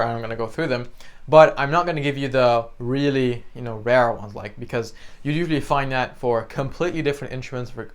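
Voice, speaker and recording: A young man talks through a beginner piano lesson in a relaxed, conversational way. His voice is smooth and clear at a middle pitch. He keeps checking in with the listener as he explains. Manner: chatty, explains with many "right?" and "you know", sings examples. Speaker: piano teacher. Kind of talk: casual spoken lesson.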